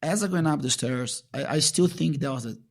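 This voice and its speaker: Brief: male jiu-jitsu champion, Portuguese first language, raspy gravelly tone, lively storytelling. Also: a little high, fairly quick. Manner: animated storyteller, acts out his own past lines. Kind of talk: casual storytelling interview.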